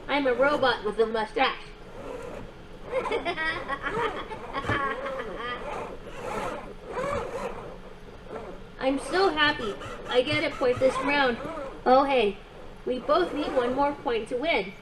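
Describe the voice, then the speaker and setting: A bright, playful companion robot for kids, voiced by a woman, cheering a child on through games and calm affirmations. The voice sits a bit high and stays upbeat and encouraging. A clear hum of noise runs underneath. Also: moderate pace, a crowd in the background, lightly acted. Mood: excited. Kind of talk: game and guided affirmations for a child.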